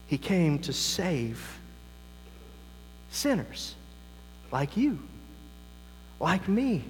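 A male pastor delivering a sermon, swinging between loud emphasis and quiet, soft asides. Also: high voice. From United States. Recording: long reverb, mains hum.

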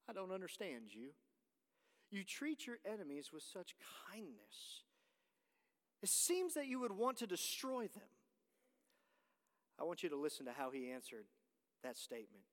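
A man preaching a sermon as pastor, dropping to hushed lines and rising to shouts, at times singing hymn lines. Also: fairly high pitch, long reverb tail.

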